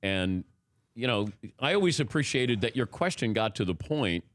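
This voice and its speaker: A man's voice: medium pitch, very animated, moderate pace, a bit bright. A man hosting a radio show interview, asking brief, curious questions in casual chat.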